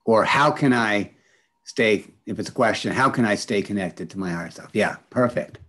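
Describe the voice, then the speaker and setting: A man's voice: on the low side, moderate pace, sharp tone. A man leading an online spiritual workshop on a video call, encouraging the group and repeating back their answers. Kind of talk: teaching an online group session.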